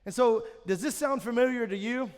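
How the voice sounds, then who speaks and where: A man's voice: very high-pitched, a little fast. A man in his thirties preaching a sermon to a church, telling family stories with self-mocking humor. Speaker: pastor. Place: church auditorium. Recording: reverberant hall.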